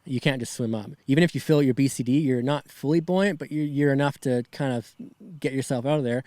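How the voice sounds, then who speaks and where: A young man, shaken and near tears, recounts a personal story as a podcast guest, with halting, rambling phrasing and many tag questions. His voice sits in the middle of the range, and the recording is dry and close. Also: medium pitch, a little mellow, no room sound. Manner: rambling, filler-heavy, says "right?" and "man" often.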